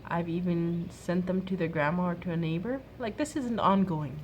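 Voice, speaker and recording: A woman in her thirties giving an earnest, soft-spoken faith-based advice talk to other mothers. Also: lowish voice, normal speed, highs cut off, a little hiss or hum. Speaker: mom sharing a workshop talk.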